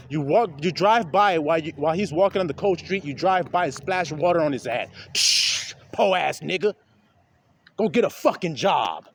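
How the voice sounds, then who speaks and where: Animated high-voiced male preacher. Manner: emphatic, preachy, swings between loud outbursts and low asides, acts out quoted voices; profane, colloquial. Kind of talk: informal street sermon.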